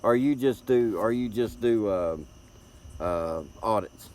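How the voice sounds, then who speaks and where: A middle-aged Tennessee man with a Southern accent hosts a live stream, his voice fairly low, slow, and a bit dark. He chats casually in a folksy, rambling way and repeats words as he goes. A tablet's built-in mic captures it.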